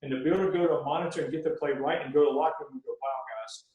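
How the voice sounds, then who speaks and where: A man's voice: fairly high pitch, steady tone, rapid-fire, darkish tone, dull audio. A man, a veteran basketball referee, telling stories in a podcast interview and acting out what he says to coaches. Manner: folksy storyteller acting out sideline exchanges. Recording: very echoey room.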